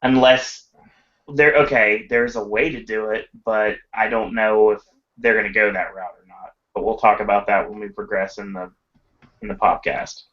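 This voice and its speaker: A man on a wrestling podcast panel, explaining at length in a measured way. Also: on the low side, little pitch movement, a bit bright. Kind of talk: casual wrestling chat. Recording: dull lo-fi sound.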